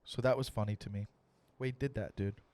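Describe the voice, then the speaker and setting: Animated, profane man ranting on a podcast. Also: lowish voice, brisk, no echo. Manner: animated, profane, rants with acted-out dialogue. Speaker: comedian host. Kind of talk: comedic podcast monologue.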